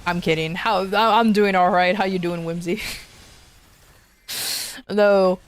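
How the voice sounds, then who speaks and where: A woman's voice: medium pitch, steady tone, takes it slowly. A woman streamer chatting casually with her viewers, playful and joking, laughing often. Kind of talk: casual live-stream chat.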